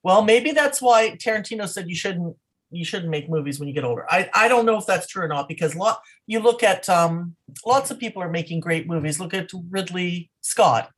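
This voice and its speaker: A middle-aged woman co-hosting a podcast in casual chat, talkative and quick to laugh. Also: on the low side, expressive, slightly rough. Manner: chatty, laughs often, restarts sentences. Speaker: podcast co-host.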